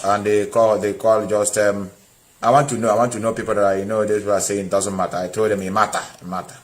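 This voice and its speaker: A man's voice: lowish voice, level tone, fast talker. A man hosting a live call-in stream, combative and repeating his points for emphasis. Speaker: live-stream host taking calls. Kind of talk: heated call-in talk.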